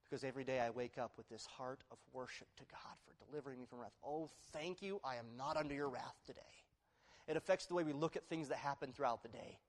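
A male pastor preaching a sermon, moving between loud, emphatic declarations and quiet, hushed appeals to the congregation. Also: mid-range voice, fairly even intonation, quick pace. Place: church sanctuary. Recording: long reverb of a large hall.

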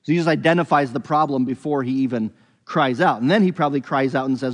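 A man walks through a scripture passage in an unhurried, conversational teaching voice at a middling pitch. He thinks out loud, often restarting and hedging his sentences. His voice rings with a long hall reverb. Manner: thinks aloud, with frequent restarts and hedges. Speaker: Bible teacher.

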